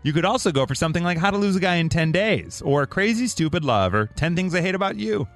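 A man's voice: a little high, faint music behind. A man hosting a morning radio show, joking and laughing with callers and cohosts. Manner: animated, jokey, quick to laugh.

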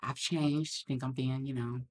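Woman guest, deep voice for her sex, earnest reflective storyteller. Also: fairly even intonation, unhurried. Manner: earnest, reflective, acts out quoted lines. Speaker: podcast guest. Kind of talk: candid personal storytelling.

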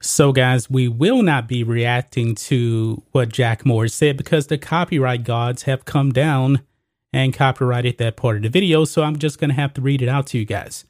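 A man's voice: mid-range voice, moderate pace, darkish tone, no echo. Man chatting to viewers, dry close sound. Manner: talks straight to viewers, repeats "guys" and "folks". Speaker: sports commentary channel host. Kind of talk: casual opinion commentary to camera.

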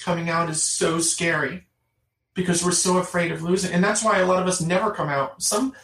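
Earnest woman in a roomy distant recording. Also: on the low side. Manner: earnest, emphatic, repeats phrases for stress. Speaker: guest. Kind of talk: personal storytelling in an interview.

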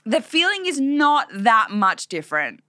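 A young woman co-hosts a casual podcast chat with a high, bright voice that leaps all over the place. She is animated and swears freely, and the sound is dry and close. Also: a little slow, no room sound. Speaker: podcast co-host.

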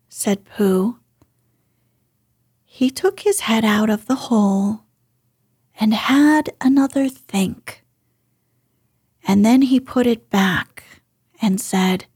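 A woman reading a children's story aloud as a soothing bedtime story, soft and hushed. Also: on the high side, slow pace, pauses often, slightly rough, no echo, clean studio sound.

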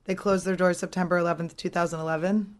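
A woman's voice: lowish voice, flat delivery. A woman co-hosting a podcast, telling stories in a blunt, profane casual banter. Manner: fast, blunt, profane storytelling.

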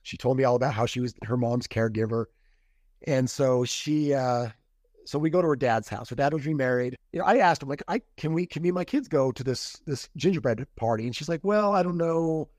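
A man's voice: mid-range voice, fairly quick, a little mellow, no echo, studio quality. A man telling the story of a past relationship in a casual interview, rambling, restarting and quoting what was said. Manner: rambling retelling with quoted dialogue and restarts. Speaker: podcast guest.

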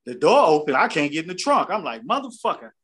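Profane high-voiced man telling a story. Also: very animated, fast, fairly bright tone, slightly rough. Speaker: podcast co-host. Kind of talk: casual storytelling chat.

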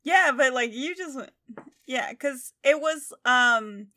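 A young woman casually chatting about a book on a podcast, animated and laughing as she quotes characters. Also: sits high, takes it slowly. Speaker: podcast co-host.

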